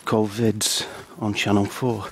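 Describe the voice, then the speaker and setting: A man speaking outdoors on a countryside path in a hesitant, halting, dry deadpan ramble full of ums and restarts. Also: on the low side, slightly rough, rough recording. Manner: dry, self-deprecating. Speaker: comedy vlogger.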